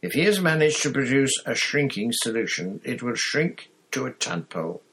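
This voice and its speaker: A man's voice: medium pitch, big pitch swings, normal speed, a bit bright, slight background noise, pitched above the performer's own voice. A man reading an audiobook, voicing a cold, sneering male potions teacher. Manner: cold, cutting.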